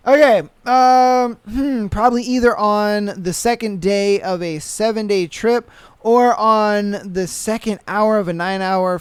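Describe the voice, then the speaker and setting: A man's voice: high-pitched, smooth, no echo. A young man hosting a podcast, ranting in a casual, exasperated and profane way. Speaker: podcast host. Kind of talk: casual reaction rant.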